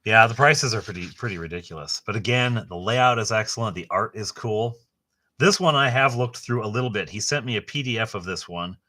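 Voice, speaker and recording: A middle-aged man hosting a casual book unboxing, rambling and enthusiastic, with a halting way of talking. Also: fairly low pitch, animated, pushed and bright. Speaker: host.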